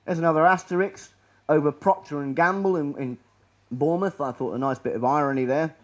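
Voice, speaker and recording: Another rambling public presentation in a lecture room comes from this sardonic man, whose slightly high voice moves fairly quickly before trailing off quietly. The recording is muffled.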